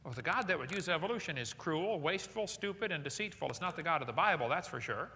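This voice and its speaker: A man giving a lecture to a live audience in a large hall, animated and jokey, firing rhetorical questions at the crowd. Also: a little high, fast, slight background noise. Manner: jokey asides. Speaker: seminar speaker. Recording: long hall reverb.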